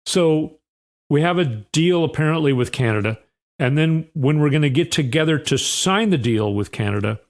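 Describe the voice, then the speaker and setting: A man hosting a political commentary show, sarcastic and often sighing. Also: on the high side. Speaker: host.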